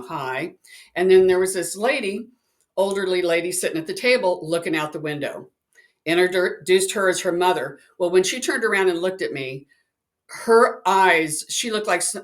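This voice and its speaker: A woman, a psychic, casually telling a personal story and acting out the voices of the people in it. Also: fairly low pitch. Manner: chatty, animated, acts out quoted voices.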